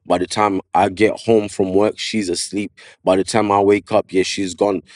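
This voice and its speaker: Podcast guest: male barber, London accent, low voice, slangy, animated, dry close mic. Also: moderate pace, no echo. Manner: animated storyteller, slangy, repeats "yeah" and "you know what I mean". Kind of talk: casual storytelling interview. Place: podcast studio.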